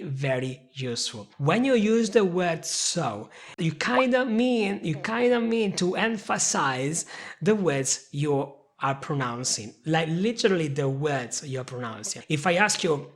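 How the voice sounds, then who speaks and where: A man's voice: on the high side, a bit bright, a little hiss or hum. A young man teaching English in a video lesson, playful and emphatic, leaning hard on key words and laughing often.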